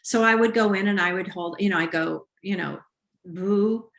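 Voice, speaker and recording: A woman's voice: lowish voice, vocal fry. American woman storyteller in an echoey room. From United States West Coast. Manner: animated storyteller with halting restarts. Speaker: guest, writer. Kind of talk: casual conversation.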